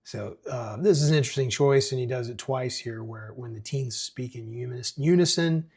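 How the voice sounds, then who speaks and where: Husky-voiced man breaking down a script. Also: medium pitch, moderate pace. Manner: casual asides between readings, relaxed. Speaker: screenwriting podcast host. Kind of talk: screenplay breakdown commentary.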